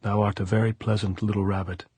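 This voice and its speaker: A man reading a blunt, weary guerrilla woman, husky and low. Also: little pitch movement, quick pace, a little mellow, no echo. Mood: brusque. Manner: blunt, archaic thee-and-thou speech. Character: big, gruff, weary middle-aged woman guerrilla.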